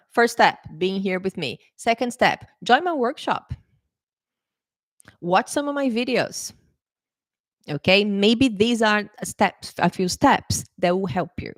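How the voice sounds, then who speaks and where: A woman English teacher talking casually to camera. She sounds lively and coaxing, often checking in with "okay?" and "right?". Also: mid-range voice, no echo, studio quality.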